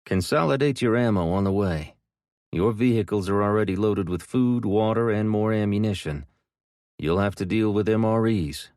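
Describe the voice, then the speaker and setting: A man voicing a gruff army team leader barking brisk orders. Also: fairly low pitch, darkish tone, no room sound, clean studio sound, voice pushed up, natural voice. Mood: commanding.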